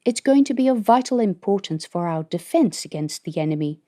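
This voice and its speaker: A woman voicing a stern, secretive female military colonel in an audiobook, speaking in a measured, grave way. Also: mid-range voice, lively intonation, mellow, lightly acted.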